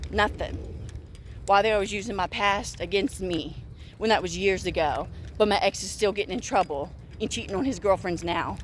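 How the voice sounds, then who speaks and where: A woman films herself as she walks outside in the heat, venting to the camera in an upset, emphatic way and going over the same points again. Her voice is on the low side, and slight hiss or hum can be heard.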